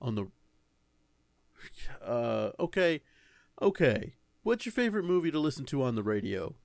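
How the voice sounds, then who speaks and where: A man's voice: medium pitch, big pitch swings, moderate pace, vocal fry, darkish tone, dry recording, clean studio sound. A man directing a recording session in a comic sketch, rambling and coaxing in a patient way. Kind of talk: comedic improvised sketch.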